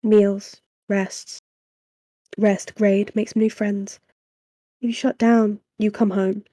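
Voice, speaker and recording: A woman voicing a gentle, worried father who talks to his grown daughter in a tender, gently firm way, read in her own voice. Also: medium pitch, level tone, slow, no echo. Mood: coaxing.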